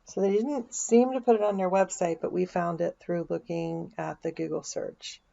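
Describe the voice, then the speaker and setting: A woman's voice: on the low side, fairly even intonation, moderate pace, gravelly, warm tone, dull audio. A woman vlogger, chatting casually as she walks through a search on her screen, thinking aloud with dry asides. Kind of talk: casual screen-share walkthrough.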